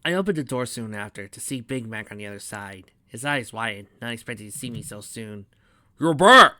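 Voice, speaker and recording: A man reading his fan fiction aloud in the first person, plain and steady. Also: fairly low pitch, brisk, dry recording. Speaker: narrator.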